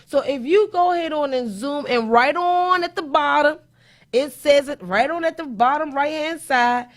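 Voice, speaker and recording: Emphatic high-voiced woman preaching finance. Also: normal speed. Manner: emphatic, preachy, repeats points, rhetorical questions. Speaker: host, accountant. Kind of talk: live-stream commentary.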